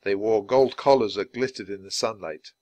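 A man reading a children's chapter book aloud clearly, for language learners. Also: lowish voice, normal speed, a little mellow, dry recording, highs cut off. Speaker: storybook reader.

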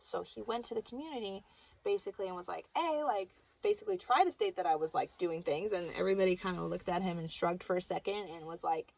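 A woman's voice: fairly low pitch, fast, vocal fry, darkish tone, husky, highs cut off. A woman vlogger casually telling a personal story, earnest and chatty, saying "like" constantly.

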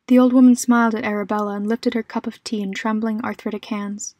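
A woman narrating a short horror story in a calm, measured, scripted reading. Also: fairly high pitch, dry recording, studio quality.

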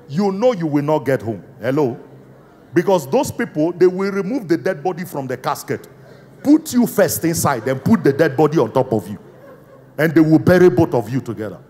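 A man preaching a live Pentecostal sermon as apostle, emphatic, calling out questions to the congregation and swinging between shouts and hushed, slow emphasis. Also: fairly high pitch. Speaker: apostle and senior pastor. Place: large church auditorium. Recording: live church hall reverb with faint music.

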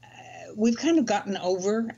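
A woman's voice: medium pitch, expressive, normal speed, gravelly, mellow, slightly rough. Older woman on a muffled remote line. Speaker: guest. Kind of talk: casual conversation.

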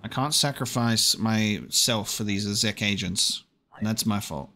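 A man's voice: fairly low pitch, measured pace, bright, forceful tone, a little hiss or hum. A young man giving casual let's-play commentary, muttering to himself as he checks details and swearing now and then. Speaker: gaming video creator.

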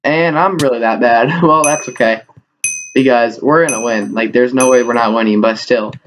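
A young man giving live commentary over his own gameplay, excitable and self-mocking, often crying out in disbelief. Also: mid-range voice, moderate pace. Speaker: gaming YouTuber. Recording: noisy home recording with mouse clicks.

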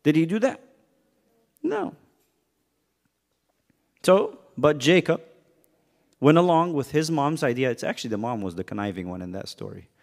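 Brief: man, youth Bible teacher, lively swooping pitch, playful and quizzing, slightly high voice, church hall reverb. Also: normal speed, vocal fry, pauses often. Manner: animated, joking, quizzes the kids. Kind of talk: casual youth Bible lesson.

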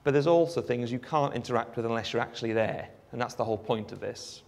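A Welsh man giving a live demonstration of a phone app, explaining in a relaxed way with frequent ums. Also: medium pitch, quick pace, creaky. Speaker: app developer giving a presentation. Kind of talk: live product demo talk.

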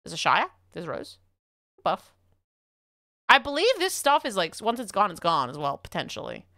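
A woman with an Australian accent chatting on a livestream, rambling and excitable, swearing often as she talks to her chat. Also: fairly low pitch, moderate pace, vocal fry, no room sound, studio quality.

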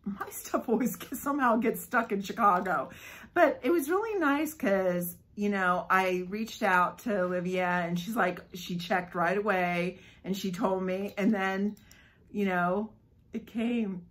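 A woman filming a casual unboxing vlog, gushing and giggling excitedly as she talks. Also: medium pitch, unhurried, rough recording. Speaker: vlogger unboxing a subscription box.

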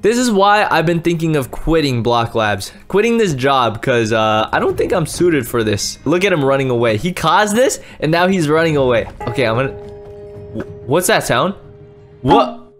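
A young man commentating a game, easily startled, swinging from hushed mutters to sudden yells. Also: fairly high pitch, sing-song, moderate pace, faint music behind. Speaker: gaming YouTuber. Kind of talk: Minecraft gameplay commentary.

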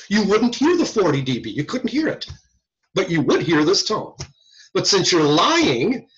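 A man's voice: high voice, fairly bright tone. A man lecturing a class on hearing tests, asking his students rhetorical questions. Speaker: audiology lecturer. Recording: muffled lo-fi lecture recording.

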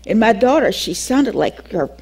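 An older woman teaching a Bible class tells a personal story animatedly, acting out the dialogue and laughing often. Her voice sits on the high side with a breathy edge, at normal speed.

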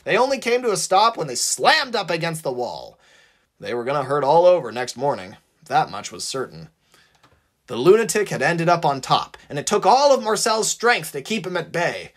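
A narrator reading a fan-written story aloud in an expressive, animated way. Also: medium pitch, normal speed.

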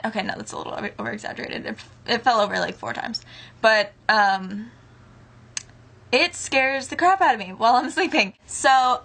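A woman's voice: medium pitch, a bit bright, a little hiss or hum. A woman in casual chat to camera from her bedroom, tired and rambling with lots of "like" and "um" fillers. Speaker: vlogger.

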